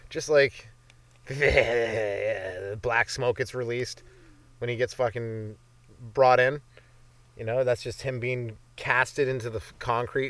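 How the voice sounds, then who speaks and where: A man's voice: mid-range voice, dry recording. Canadian dude riffing alone on his podcast, swears a lot, mid voice, dry mic. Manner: profane, jumps between bits and silly voices. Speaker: podcast host. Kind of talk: rambling solo comedy monologue.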